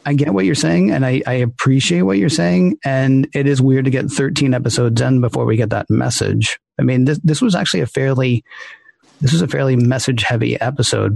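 A man's voice: mid-range voice, creaky, a little mellow, dry recording. A man co-hosting a live show, chatting casually and rambling with restarts. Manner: rambling, self-interrupting. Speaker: podcast co-host.

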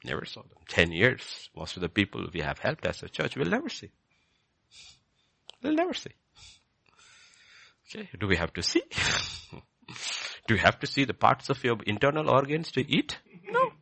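A man preaching a sermon, animated and repetitive, building to emphatic peaks. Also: mid-range voice, moderate pace, gravelly, slightly rough, no room sound.

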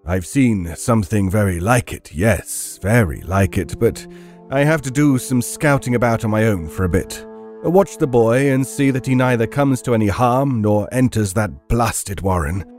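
A man's voice: on the low side, lively intonation, moderate pace, a little mellow, soft background music, lightly acted. A man playing a stern occult investigator. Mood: commanding. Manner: curt and authoritative, giving orders. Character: commanding male occult investigator, stern and brisk.

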